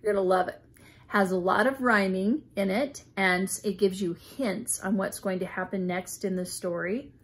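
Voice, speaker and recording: A woman teaching a children's reading lesson, talking slowly and patiently to young kids as she reviews words and walks through a picture book. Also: mid-range voice, steady tone, slightly rough. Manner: slow, patient, friendly teacher talk to children.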